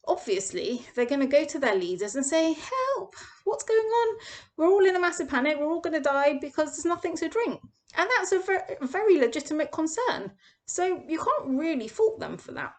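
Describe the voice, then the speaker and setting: A young woman gives a Torah lesson in an animated storytelling manner. Her voice sits high and swings widely. She acts out the people she quotes. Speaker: Torah teacher. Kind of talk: expressive parsha lesson.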